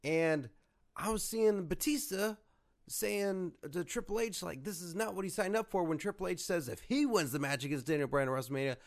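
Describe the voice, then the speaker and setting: A man with a fairly high voice co-hosts a comedy podcast. He rambles playfully and casually, with plenty of filler. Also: moderate pace. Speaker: podcast co-host.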